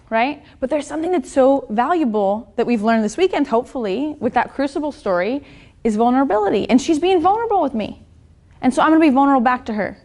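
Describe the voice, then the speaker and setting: A woman's voice: high-pitched, a little mellow. A woman business coach giving a motivational seminar talk, blunt and profane, often checking in with the audience. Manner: blunt and profane, keeps asking the audience "right?".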